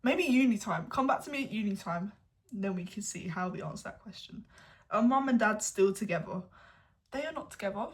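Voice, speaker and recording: A young woman in her late teens with an English accent, chatting candidly to camera at home, at times dropping to a hushed whisper. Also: mid-range voice, animated, brisk. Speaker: vlogger. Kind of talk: casual chat to camera.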